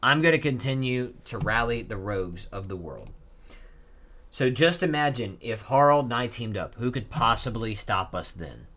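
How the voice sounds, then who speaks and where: A man reading out a boastful, ambitious male pirate captain from a comic, in a brash, loud manner. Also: medium pitch, animated, moderate pace.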